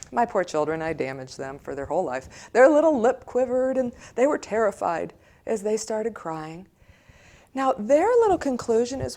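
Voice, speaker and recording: Animated American woman counselor teaching. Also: fairly high pitch, normal speed. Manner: animated, acts out children and parents in quoted voices. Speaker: church director of community, counselor. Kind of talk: teaching talk to camera.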